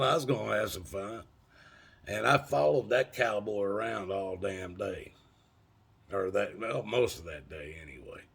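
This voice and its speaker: A man's voice: on the low side, unhurried, gravelly, a bit bright, breathy edge. A man telling rambling, folksy, profane stories to his viewers in casual vlog style. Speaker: vlogger. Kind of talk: casual storytelling.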